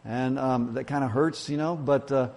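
A man's voice: medium pitch, steady tone, normal speed, creaky, darkish tone. A man preaching as a pastor in a church, telling an old joke in a folksy, self-deprecating way with many fillers. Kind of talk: sermon with a told joke.

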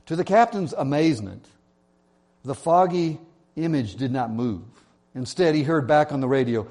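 A man's voice: medium pitch, expressive, moderate pace, mellow. Earnest male pastor preaching. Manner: earnest storytelling. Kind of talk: sermon.

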